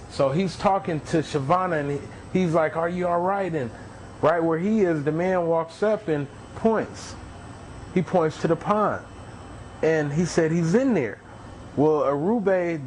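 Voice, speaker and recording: Earnest guy telling his testimony, kinda high voice, bit of hiss in the background. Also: a little mellow, poor audio. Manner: earnest, repeats phrases, acts out quoted voices. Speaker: testimony speaker. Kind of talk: personal testimony storytelling.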